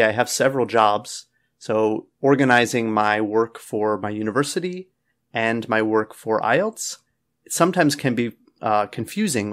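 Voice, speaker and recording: A man lectures on exam preparation from his office at a medium pitch, talking casually and directly to the viewer. He keeps checking in with a quick "okay?" or "all right?" after his points. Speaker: IELTS teacher and test writer. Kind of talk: casual classroom lecture to camera.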